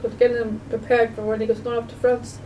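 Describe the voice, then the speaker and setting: A woman's voice: fairly high pitch, level tone, fast talker, lo-fi sound. A woman vlogger talking casually to the camera, rambling and repeating herself with many restarts, recorded from a distance. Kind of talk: casual home video talk. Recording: distant mic with faint background noise.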